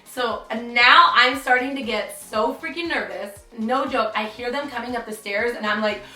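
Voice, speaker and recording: A woman's voice: fairly high pitch, normal speed, sharp tone. A young woman telling a dramatic story in a chatty vlog, full of "like". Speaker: vlogger. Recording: roomy, distant, faint music.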